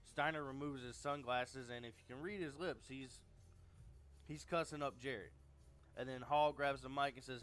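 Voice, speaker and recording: A man giving relaxed, casual narration of a game he is playing, recapping events as they come. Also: mid-range voice, normal speed, clean tone. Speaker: gaming YouTuber.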